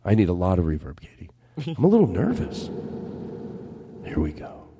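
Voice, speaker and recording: Rambling, animated male comedy host. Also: low voice, normal speed, faint music behind. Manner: rambling, self-deprecating, trips over words. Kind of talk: casual comedic chat.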